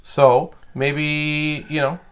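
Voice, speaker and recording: A man's voice: a little high, flat delivery, very slow, clear, resonant tone. A man talking as a podcast guest in casual chat, blunt, profane and opinionated.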